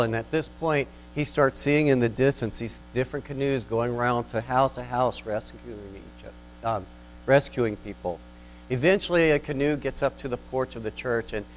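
A man with a medium-pitched voice preaches a sermon as a pastor, telling an illustrative story earnestly with lively rises and falls. The audio is poor, with a slight hiss or hum.

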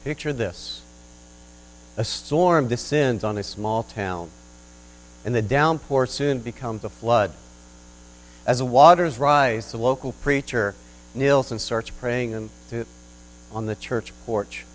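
A male pastor tells an illustration story in his sermon, earnest and rising and falling with lively swells. His mid-range voice moves slowly with long pauses, on a low-quality recording with slight background noise.

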